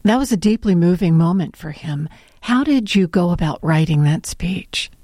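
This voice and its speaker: A woman interviewer asking calm, measured questions. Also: fairly low pitch, dry recording, clean studio sound.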